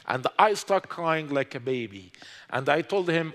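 High-voiced Egyptian man preaching in a reverberant hall. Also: expressive, fairly bright tone. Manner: impassioned, rising to urgent exhortation; halting non-native grammar. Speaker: speaker giving his conversion testimony. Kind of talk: preached testimony. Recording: long reverb of a large hall.

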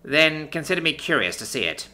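A woman's voice: low-pitched, big pitch swings, a little fast, pushed and bright, pitched above the performer's own voice, heavily acted. A man voicing a stern, authoritative woman president in her forties. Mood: dry. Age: 40s.

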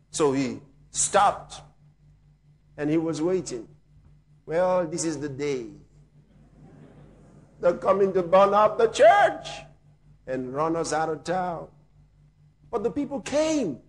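A male pastor telling a story in a sermon, swinging dramatically from hushed tones to shouting. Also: sits high, slight background noise.

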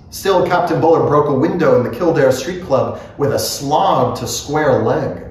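A man reading literary prose aloud at a slow, lingering pace, his pitch rising and falling with lively expression. He sounds unhurried and musing. The recording is very echoey, with a faint hiss underneath. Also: far from the mic. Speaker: reader. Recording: very echoey room, faint noise.

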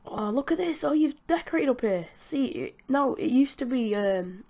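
A woman's voice: high voice, expressive, moderate pace, darkish tone. A British woman giving chatty, giggly commentary while playing a video game, talking to the game's characters as she goes. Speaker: gaming channel host. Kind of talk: casual gameplay commentary.

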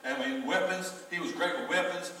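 A man's voice: fairly high pitch, normal speed. A man, a pastor telling a story in his sermon and acting out the people in it. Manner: animated storyteller acting out quoted voices. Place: church sanctuary. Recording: echoey church hall from far off.

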